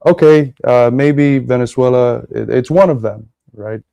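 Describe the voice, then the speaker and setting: A man co-hosting a political podcast, speaking bluntly and swearing casually in relaxed chat. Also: mid-range voice, measured pace, creaky, dry recording. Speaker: podcast co-host.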